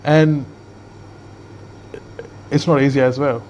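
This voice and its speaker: A man hosts the interview, his earnest questions full of pauses and restarts. His voice sits mid-range, and the audio sounds a little dull and lo-fi. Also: mid-range voice, steady tone, darkish tone, slight background noise. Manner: hesitant, many fillers and restarts, earnest. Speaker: podcast host. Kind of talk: casual interview.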